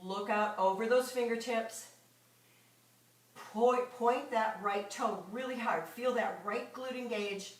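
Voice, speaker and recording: A woman's voice: fairly high pitch, slow pace. A woman fitness instructor leading a live exercise class, coaching moves and counting reps aloud. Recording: echoey room, mic far off.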